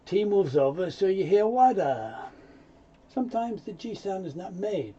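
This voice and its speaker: Lively man teaching English pronunciation. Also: high-pitched, measured pace, slightly rough. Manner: acts out example lines in an offended tone. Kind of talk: explaining spoken English sounds. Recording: dull lo-fi sound.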